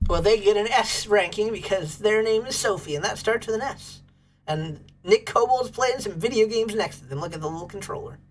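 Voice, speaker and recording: A woman hosts a casual livestream, bubbly and gushing over pets while thanking her chat. She speaks a bit fast at medium pitch, with a slight hiss or hum in the audio.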